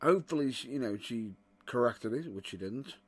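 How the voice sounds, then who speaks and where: A man hosting a podcast and ranting in exasperation, rising to loud outbursts. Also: mid-range voice, animated, normal speed. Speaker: wrestling podcast host. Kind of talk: opinionated commentary.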